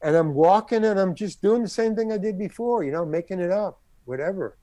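With no echo on the track, this older man's high voice moves briskly. He's a guest on an interview program, relating a long anecdote as an animated storyteller who acts out the people in it.

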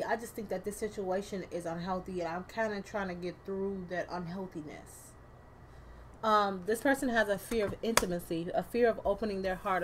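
A woman's voice: mid-range voice, slight background noise. A woman doing a casual tarot reading to camera, chatty and loose, with slang, swearing and laughing asides. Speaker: tarot card reader.

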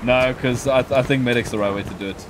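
A man's voice: mid-range voice, fairly even intonation, quick pace, noisy background. A man co-hosting a gaming video, bantering, teasing and swearing casually while he plays. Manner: teasing, swearing, self-mocking. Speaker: gaming channel co-host.

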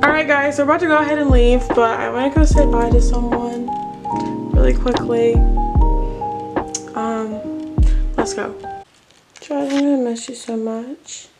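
A bubbly young woman with a high, bright voice chatters to her camera in a casual vlog. She gushes excitedly and leans on "like" between thoughts. Music plays underneath. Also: a little slow, pauses often. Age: young adult. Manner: excitable and gushing, full of "like". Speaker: college student vlogger.

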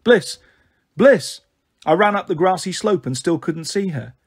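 A man reading a children's novel aloud as a storyteller, expressive and animated. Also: sits high, a little fast, husky.

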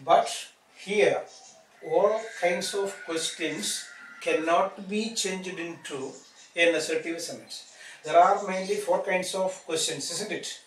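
A man's voice: high-pitched, slow pace. Echoey male teacher. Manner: explanatory, repeats tag "isn't it?" and fillers. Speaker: English teacher. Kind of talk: classroom grammar lesson. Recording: echoey room, distant mic, faint noise.

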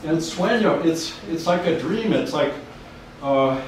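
A man's voice: fairly high pitch, animated, measured pace, distant mic, slight background noise. Man lecturing in an echoey room. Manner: rambling, hesitant, many restarts. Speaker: university professor giving a talk. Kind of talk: lecture with slides.

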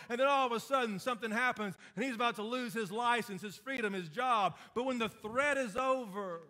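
High bright-voiced male pastor preaching. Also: a little fast, hardly any pauses. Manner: preaching with emphatic repetition and sarcasm. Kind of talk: sermon.

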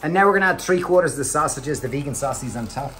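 A man's voice: fairly high pitch, animated, very fast, a bit bright, echoey room, faint music behind. A man hosting a cooking show, walking through a recipe step by step in an upbeat, chatty way. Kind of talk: cooking demonstration. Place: kitchen.

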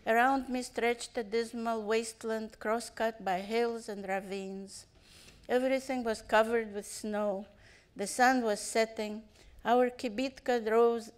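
A woman reading prose aloud to an audience in a measured, even storytelling manner. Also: on the high side, clean tone. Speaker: literary translator reading aloud. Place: stage at a cultural center.

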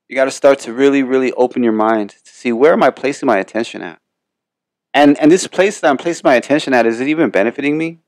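A male podcast host talks through a casual motivational monologue, rambling and full of swearing. His voice sits at an ordinary middle pitch and lands with blunt emphasis. The sound is dry and close, with no room echo.

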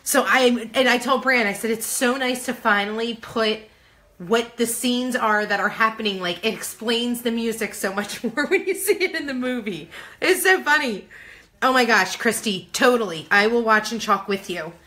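A woman's voice: fairly high pitch, normal speed, bright, forceful tone. A woman hosting a crafting livestream, chatting casually and greeting viewers by name in a bubbly, talkative way.

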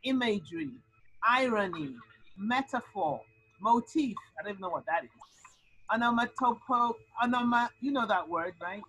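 A woman tutor teaching an SAT lesson over a video call, explaining with lively, animated delivery. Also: a little high, moderate pace, husky, rough recording. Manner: lively, animated explaining with sound-word outbursts.

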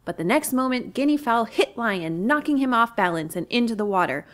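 A woman reads a children's storybook aloud as a librarian. Her pitch swings widely and the delivery is animated. She sounds expressive and clear. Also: a little fast.

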